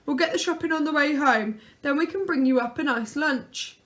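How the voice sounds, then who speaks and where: A woman's voice: high-pitched, normal speed, a bit bright, voice pushed up. A woman voicing a cheerful, bossy father who orders his children about like troops. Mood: hearty. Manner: hearty, commanding.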